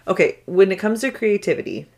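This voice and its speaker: A woman in her thirties co-hosting a casual podcast, relaxed and supportive, often murmuring agreement. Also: mid-range voice, fairly quick, gravelly. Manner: relaxed, supportive, many affirming backchannels. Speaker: podcast co-host. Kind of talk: casual chat.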